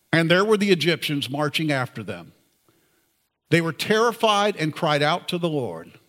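Bright, lively-voiced preacher man. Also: high-pitched. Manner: conversational, earnest preaching. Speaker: pastor. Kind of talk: sermon.

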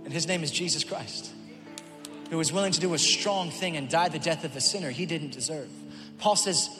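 A man preaching a sermon, his voice a little higher than most, rising from hushed storytelling into shouted calls. The sound rings with long reverb in a large church hall. Music plays clearly underneath. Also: moderate pace. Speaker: pastor.

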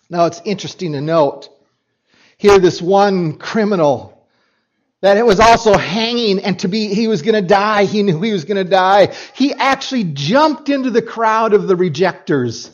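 A man's voice: high-pitched, lively intonation, moderate pace. A man preaching a sermon as pastor, reading scripture and making emphatic points with repeats and asides to the congregation. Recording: dull lo-fi recording.

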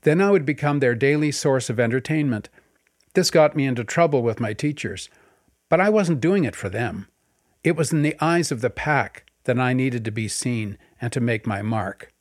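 A man's voice: mid-range voice, lively intonation, normal speed, dry recording, clean studio sound. An older man from Canada reading his own memoir aloud in a wry, dryly humorous storytelling manner. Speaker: memoir narrator. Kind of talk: audiobook memoir narration.

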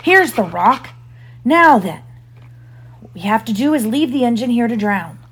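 Mom doing a blustery pirate sidekick. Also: female voice, on the high side, animated, unhurried, slightly rough, voice pushed up, heavily acted. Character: bumbling adult male pirate sidekick.

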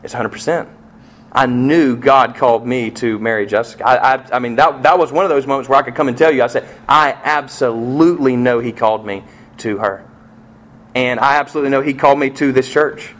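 A middle-aged man preaching a sermon as pastor, telling a family story and acting out the voices in it, with sharp swings from soft to loud. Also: mid-range voice, fairly quick. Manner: storytelling with vivid acted-out quotes and swings in loudness.

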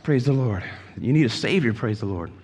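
A man preaching a sermon in an exhorting manner, repeating his phrases and moving between quiet asides and loud calls. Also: mid-range voice, expressive, a little fast, big-room sound, slight background noise. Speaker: pastor.

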